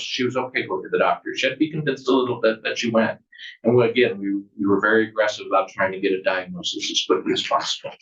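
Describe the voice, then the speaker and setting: A man's voice: on the low side, fairly bright tone. Author guy reading his own book, earnest, kinda far off and muffled. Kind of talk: reading aloud from his memoir, with casual asides. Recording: distant, muffled recording.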